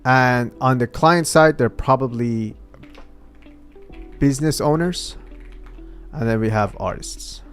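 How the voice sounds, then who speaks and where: Slow, hesitant man thinking aloud. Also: mid-range voice, fairly bright tone, faint music behind. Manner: musing, hesitant, trailing off. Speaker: vlogger.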